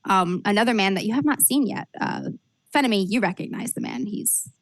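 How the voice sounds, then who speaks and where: A woman's voice: mid-range voice, lively intonation, a little fast, no room sound. A woman narrating a tabletop role-playing game as game master, describing scenes with frequent fillers and restarts.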